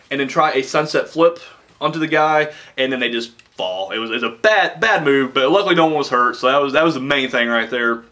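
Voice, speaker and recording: A man's voice: a little high, sharp tone. A man casually reviewing a wrestling show, rambling and swearing, with lots of fillers and "dude.".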